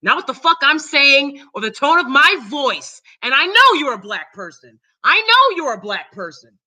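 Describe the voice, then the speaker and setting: A woman hosting her own live stream, ranting loudly and cursing heavily in casual talk. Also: high voice, sing-song, moderate pace, rough recording. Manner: loud, profane, heated. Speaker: channel host.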